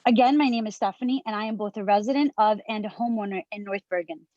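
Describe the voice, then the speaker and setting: A woman's voice: medium pitch, fast talker, mellow, no echo. A woman in her thirties from New Jersey, a teacher and mother, giving an earnest, emotional public comment at a meeting. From Hudson County, New Jersey. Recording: muffled lo-fi meeting audio.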